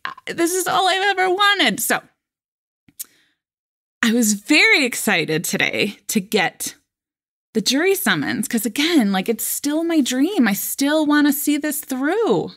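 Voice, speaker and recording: A woman in her thirties hosting a solo coaching podcast, talking casually and animated, acting out quoted voices with frequent laughs. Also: mid-range voice. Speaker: life coach and podcast host.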